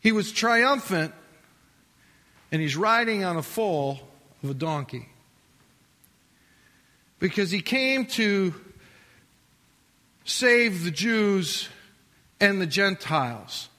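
High bright-voiced preacher in a reverberant hall. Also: male voice, lively intonation, takes it slowly, pauses often. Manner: emphatic, rises and falls between loud declaiming and quiet asides. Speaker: pastor. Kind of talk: sermon.

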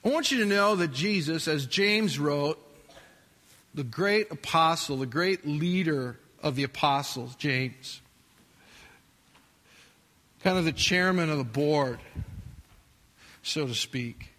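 A male pastor delivers a sermon in a high, bright, cutting voice. He swings between emphatic declaiming and quieter asides. A long reverb fills the church sanctuary around him. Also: slow pace, long pauses.

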